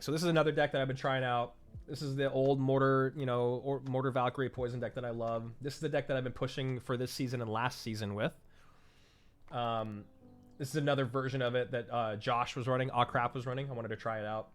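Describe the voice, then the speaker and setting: A man's voice: mid-range voice, fairly bright tone. Man in his thirties, streamer host, casual and chatty, mid-range voice, faint music underneath. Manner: chatty, answers chat, jokes about himself. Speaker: esports streamer and caster. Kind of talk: casual live-stream chat.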